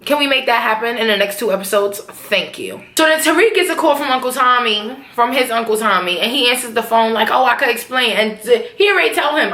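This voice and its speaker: A young woman casually recapping a TV episode in slangy, animated talk, acting out the characters' lines. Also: on the high side, reverberant.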